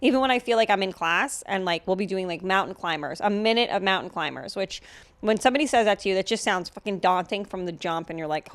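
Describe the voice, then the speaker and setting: A woman's voice: medium pitch, no room sound. Woman, podcast host, casual chat, sarcastic, profane, filler-heavy, dry close mic.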